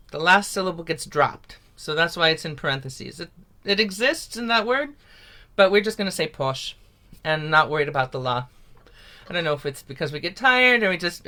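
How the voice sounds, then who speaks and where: A woman's voice: lowish voice, expressive, moderate pace, sharp tone. A woman teaching a folk song over a video call, upbeat and encouraging, laughing easily.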